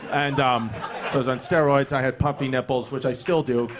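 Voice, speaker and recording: A man's voice: medium pitch, steady tone, fairly quick, a crowd in the background, background noise. A man, doing profane, rambling stand-up storytelling on a club stage. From New York. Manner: brash, profane, rambling with fillers. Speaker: stand-up comedian. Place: comedy club stage with live audience.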